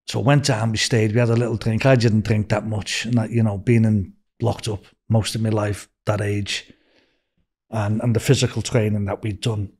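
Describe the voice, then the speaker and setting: An older man with a Liverpool accent, a podcast guest telling lively, swear-filled stories and acting out the voices. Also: medium pitch, gravelly, husky. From Liverpool, England. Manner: animated, swears freely, acts out voices in stories. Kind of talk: storytelling interview.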